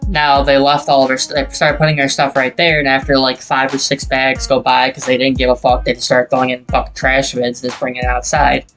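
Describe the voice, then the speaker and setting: A man's voice: mid-range voice, completely flat delivery, fairly quick, hardly any pauses, fairly bright tone, soft background music. A young man hosting a gaming channel, casually telling a heated, profane, rambling story over gameplay.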